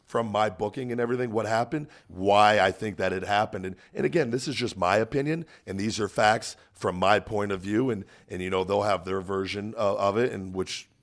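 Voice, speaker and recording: Brief: male podcast host, very low voice, earnest and halting delivery. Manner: earnest, halting, many restarts. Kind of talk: casual podcast chat.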